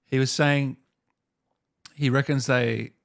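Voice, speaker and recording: A man's voice: medium pitch, fairly even intonation, takes it slowly, vocal fry. A man in his thirties hosting an interview, talking in an easygoing, enthusiastic way. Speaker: podcast host. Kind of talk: casual interview chat.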